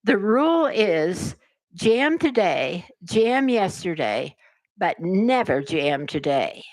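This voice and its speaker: A woman voicing a fussy, flustered old queen who talks in a raised voice and breaks into shrill wailing cries. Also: very animated, slow, dry recording, poor audio. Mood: insistent.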